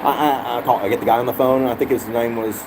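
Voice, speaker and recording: Talking fast at a medium pitch against a noisy background, this man vlogs a ranting story. His delivery is animated, packed with swearing, and he keeps repeating himself.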